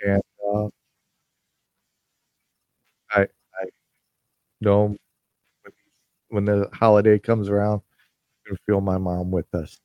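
A man hosting his podcast, speaking haltingly with many fillers and restarts, emotional as he sends a holiday message to listeners. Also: on the low side, completely flat delivery, mellow, dry recording, low-quality recording. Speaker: podcast host.

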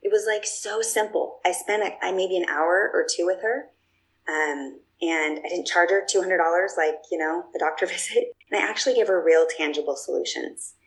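A woman guest tells personal stories casually and chattily, full of fillers and restarts. Her voice sits on the low side at normal speed, and the recording quality is low.

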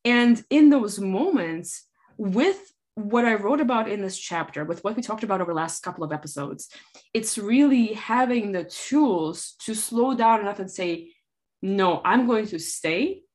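A woman's voice: medium pitch, lively intonation, moderate pace, darkish tone. A woman speaking in an earnest, heartfelt way about personal growth in a podcast conversation, often restarting her sentences. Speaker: author and podcast regular. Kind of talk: motivational conversation.

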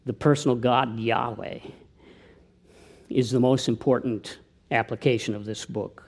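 Guy preaching, earnest, goes quiet and hushed for the appeals, mid pitch. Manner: tells anecdotes, with slips and restarts. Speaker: pastor. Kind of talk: sermon.

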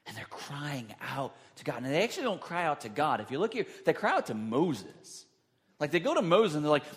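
A man delivers a sermon in a somewhat high voice. He dramatizes the voices in his story, leaping up in pitch and volume, then drops back to a quieter, lower tone to explain. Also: big pitch swings, a little fast. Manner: dramatic, acts out quotes with big pitch jumps. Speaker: pastor.

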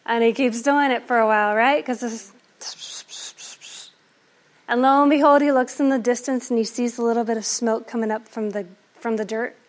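A woman performing an oral folktale in a lively, playful way. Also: a little high, normal speed. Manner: lively, animated, playful asides. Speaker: storyteller.

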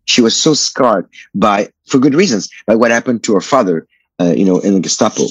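Middle-aged man, radio interview guest, earnest testimony, low and husky. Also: expressive, fairly quick, no room sound. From France. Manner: earnest, reflective storytelling.

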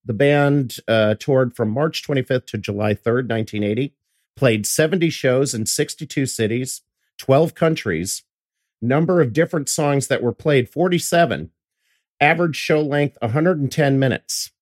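A man's voice: medium pitch, normal speed, no echo. Male podcast host, casual and laughing, recorded dry. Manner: chatty, laughs while talking. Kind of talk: casual chat.

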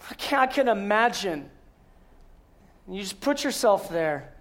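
A man giving a sermon, telling the story with rhetorical questions and earnest emphasis, sometimes dropping to a hushed voice. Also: sits high, very animated, unhurried. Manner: storytelling, asks rhetorical questions and answers them. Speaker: guest speaker.

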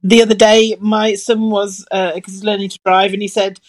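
A woman's voice: normal speed, few pauses, no echo. A middle-aged woman co-hosting a casual chat, telling bawdy stories with big swings in her voice. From partly Scottish family. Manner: animated, bawdy storytelling with big swings in pitch. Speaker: podcast co-host.

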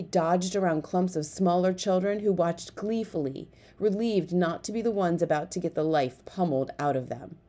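Woman reading a kids novel aloud, lowish mellow voice, lively storytelling. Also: normal speed, few pauses. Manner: lively, voicing each character in turn. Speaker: audiobook narrator. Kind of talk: audiobook narration.

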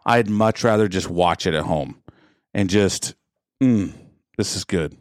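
A man's voice: sits low, unhurried, no room sound, clean studio sound. A middle-aged man co-hosting a podcast, ranting bluntly and emphatically in casual chat. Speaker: podcast co-host.

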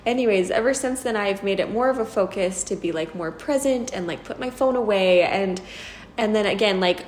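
A woman's voice: medium pitch, moderate pace, reverberant, slight background noise. A young woman co-hosting a podcast, chatting casually about motherhood with lots of "like" and small laughs. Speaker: podcast co-host, mom. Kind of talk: casual chat.

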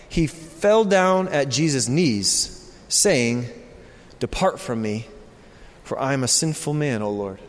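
A man preaching a sermon as pastor, swinging from hushed, low passages to loud, excited ones. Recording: long reverb of a large hall.

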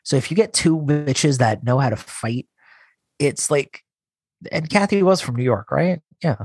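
A man's voice: a little high, a little mellow, husky, no room sound. A man co-hosting a podcast in casual chat, teasing and scolding his co-host. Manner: teasing, scolding, quick to push back.

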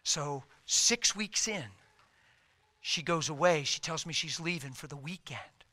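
A middle-aged man preaching with a very bright, ringing voice and a slightly raised pitch. He tells his story animatedly, jumping between loud bursts and near-whispers. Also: unhurried. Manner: animated, swings from loud to hushed, acts out quotes. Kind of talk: sermon storytelling.

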